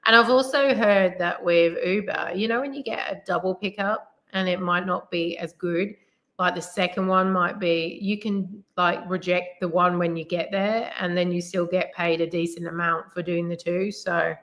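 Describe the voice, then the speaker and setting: Here the delivery driver's voice sits fairly low, steady and fairly bright, at a normal speed. She's a middle-aged woman with an English accent from the West Midlands, rambling casually on a live stream with lots of "like" and "you know," all in an echoey room.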